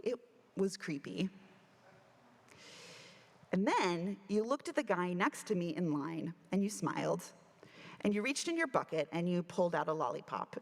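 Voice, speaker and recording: A woman minister delivers a sermon at a middle pitch, leaping up for the voices in her story. The sanctuary's long reverb hangs after each phrase. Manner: animated storytelling, acting out quoted voices. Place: church sanctuary.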